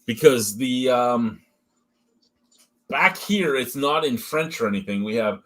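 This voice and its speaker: Man, beer review host, casual, swears a lot, mid-pitched voice, joking commentary. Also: lively intonation, slow pace, pauses often, fairly bright tone. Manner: profane, joking, chatty running commentary.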